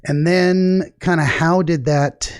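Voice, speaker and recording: A man hosting an interview about a dream, asking calm, careful follow-up questions. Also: on the high side, takes it slowly, clean tone, no echo, clean studio sound.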